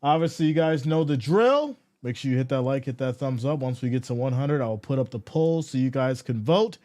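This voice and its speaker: A man hosting a casual live stream, reading viewer chat aloud, hyped and loud one moment and dropping to soft, low asides the next. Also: expressive, brisk. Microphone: streaming microphone.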